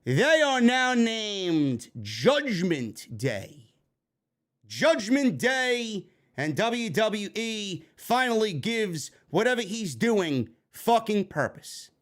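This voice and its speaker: Host: excitable man from New York, foul-mouthed casual commentary, voice high and animated. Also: very slow. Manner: excitable, swears constantly, bursts into shouting. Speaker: wrestling review livestream host. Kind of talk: casual profane live commentary.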